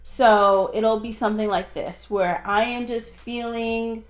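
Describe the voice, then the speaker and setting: A woman's voice: a little high, fairly even intonation, takes it slowly, hardly any pauses, soft background music. A woman vlogger talking casually to her viewers about motivation, rambling a little and filling gaps with "like". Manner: chatty, heavy use of "like", light self-laughing. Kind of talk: casual talk to camera.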